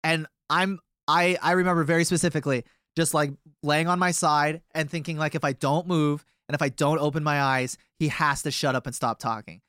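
A man's voice: a little high, steady tone, brisk, hardly any pauses, a bit bright, smooth, no echo, studio quality. A young man in a band chatting casually as a guest, rambling through a story with lots of filler words. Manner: rambling, many fillers and restarts. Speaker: touring band member, guest.

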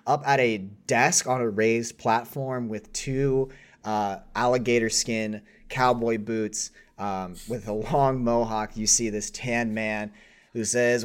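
Slow, rambling male game master. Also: medium pitch, steady tone, smooth. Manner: rambling, many fillers. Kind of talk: narrating a tabletop game.

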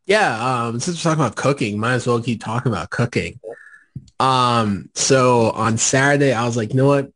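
A man co-hosting a casual podcast, spinning animated, jokey stories and boasting in fun. His voice sits in a middle range for a man. The sound is dry and close, with no room in it. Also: medium pitch, moderate pace, dry recording. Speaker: podcast co-host.

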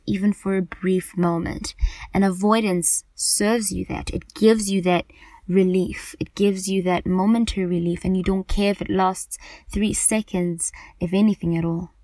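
A woman's voice: medium pitch, darkish tone, dry recording. A woman podcast host speaking earnestly and emphatically about anxiety in a personal monologue, often repeating herself for stress.

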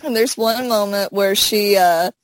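A woman's voice: mid-range voice, a little slow, dry recording, rough recording. A chatty woman with a lilt tells stories in a loose, filler-heavy way and slips into the voices she quotes. Her voice sits in a middle range and sounds close and dry, with no room around it. She talks over a phone. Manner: animated storytelling with many fillers, acting out quotes. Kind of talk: casual chat.

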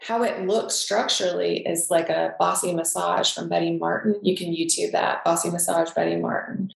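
A woman's voice: fairly low pitch, steady tone, normal speed, vocal fry, roomy sound, poor audio. A woman speaking openly and reflectively as a guest in a podcast conversation.

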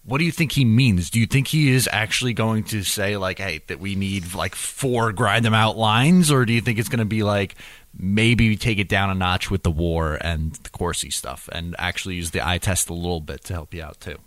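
A man hosting a casual sports podcast, talking in a steady, measured, explaining way. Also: low-pitched, no echo. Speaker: podcast host.

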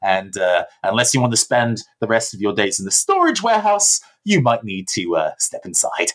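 A man's voice: lowish voice, big pitch swings, normal speed. A man playing a scheming adult man who talks his way through a getaway, breezy and wry.

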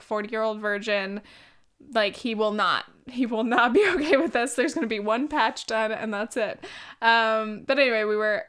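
A woman's voice: fairly high pitch, a bit bright, clear, resonant tone. A woman in her twenties hosting a podcast, chatting candidly and rambling with lots of likes and ums. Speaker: podcast host. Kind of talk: casual solo chat.

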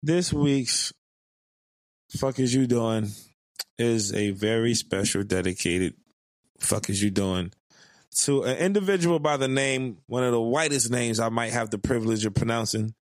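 A man co-hosting a podcast, swearing often, laughing a lot and rushing his words in casual chat. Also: medium pitch, no echo, studio quality. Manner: profane, laughs a lot, fast bursts. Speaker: podcast co-host.

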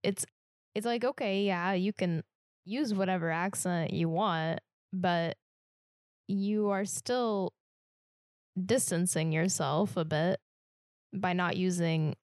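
Slow, thoughtful woman co-host. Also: lowish voice, a little mellow, dry recording, studio quality. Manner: slow, thoughtful, questioning, with frequent "like". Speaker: podcast co-host. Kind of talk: casual chat.

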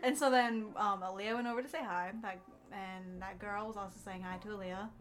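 A woman's voice: mid-range voice, fairly even intonation, a little fast. A young woman co-hosting a casual chat with friends, telling stories full of "like" and casual swearing. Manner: storytelling with lots of "like" and casual swearing. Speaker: podcast co-host. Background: music.

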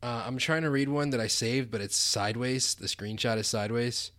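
A man's voice: medium pitch, a little fast, fairly bright tone, no echo, studio quality. A man co-hosting a fantasy football podcast in casual chat, teasing and laughing often. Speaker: podcast co-host.

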